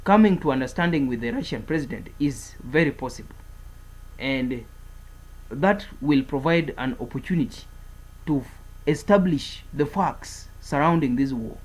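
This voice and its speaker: A man's voice: medium pitch, animated, moderate pace, poor audio. A man giving a political commentary monologue, speaking in an emphatic, repetitive way as he declares and warns.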